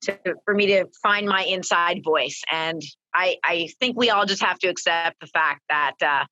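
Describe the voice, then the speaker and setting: A woman co-hosting a podcast, loud and excitable, laughing often. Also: lowish voice, normal speed, dry recording, lo-fi sound. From Canada. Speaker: podcast co-host. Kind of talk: casual podcast chat. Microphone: office microphone, dry close sound.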